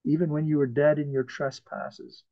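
A man preaching an earnest, emphatic sermon to an online church, chuckling softly now and then. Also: fairly high pitch, flat delivery, moderate pace, dry recording, lo-fi sound. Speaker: pastor. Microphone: video call.

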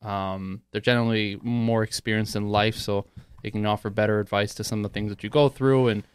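Smooth-voiced easygoing young man. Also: fairly low pitch, fairly even intonation, no echo. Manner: easygoing, profane, quick to laugh. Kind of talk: casual banter.

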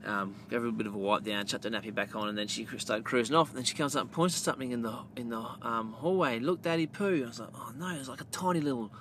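A man's voice: medium pitch, racing, few pauses. An Australian man, around his thirties, hosts a casual podcast in a loose storytelling ramble. He swears easily, restarts his sentences, and keeps calling the listener mate. A faint hiss sits under his mid-range voice. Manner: gets loud and animated telling the punchline. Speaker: podcast host.

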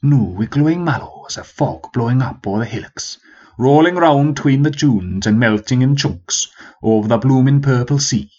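A man's voice: medium pitch, lively intonation, moderate pace, a little mellow, highs cut off, close to an everyday voice. A man voicing a young soldier recruit, recalling things in a wistful, lyrical way. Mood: awestruck. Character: young Scots soldier recruit, awestruck storyteller.

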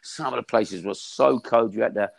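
A man's voice: lowish voice, normal speed, creaky, a little hiss or hum. An older man, a boxing trainer chatting and telling salty stories in an interview. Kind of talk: casual reminiscing interview.

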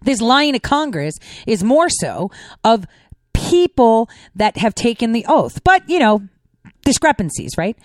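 Sardonic woman host with lively pitch. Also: unhurried, dry recording, studio quality. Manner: sarcastic, musing asides with rhetorical questions. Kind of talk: political commentary show.

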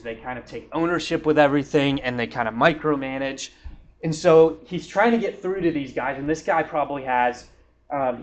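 A man's voice: medium pitch, fairly bright tone. A man giving a sermon at church in a loose, conversational way, full of fillers and restarts. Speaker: pastor. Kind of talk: casual sermon. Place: church hall.

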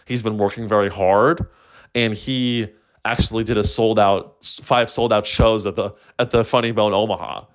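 A man's voice: on the low side, steady tone, moderate pace. A young man hosting a solo comedy podcast, who swears often and rambles with frequent false starts. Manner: profane, rambling, full of restarts.

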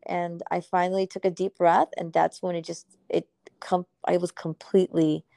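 A woman's voice: fairly low pitch, level tone, moderate pace, creaky, dark tone, dry recording. A woman speaking as a purpose coach in a casual podcast conversation, effusive and emphatic, swearing casually.

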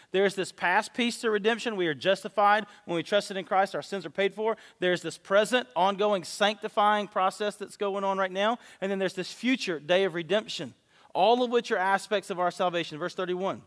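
Male pastor, higher-pitched voice, animated sermon delivery, long hall reverb. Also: moderate pace. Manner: animated storytelling with acted-out dialogue.

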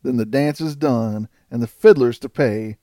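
A man voicing a coarse, desperate male outlaw in an audiobook, with rough frontier dialect. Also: medium pitch, lively intonation, normal speed, a little mellow, no room sound, clean studio sound, natural voice. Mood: rueful.

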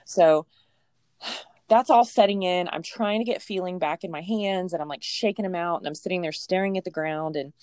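A woman in her thirties telling a personal story in a casual, animated way, laughing often and acting out what people said. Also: lowish voice, normal speed, no room sound, clean studio sound. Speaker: storyteller guest.

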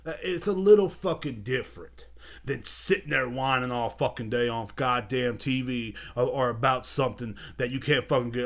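A man's voice: mid-range voice, normal speed. Profane rambling young man ranting. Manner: profane, rambling, repeats words and phrases. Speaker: podcast host. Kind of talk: casual ranting monologue.

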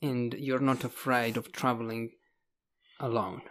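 A man hosting a casual podcast interview from home reads out a long list, admitting when he isn't sure how to pronounce something. His mid-range voice has little pitch movement and a measured pace.

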